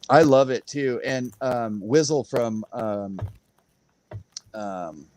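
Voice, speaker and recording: A man's voice: medium pitch, very slow, long pauses, darkish tone, a little hiss or hum. A man chatting casually on a livestream, rambling through a story with frequent laughs and acted-out quotes. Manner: rambling, laughs often, acts out quoted voices. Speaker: guest on a crypto livestream.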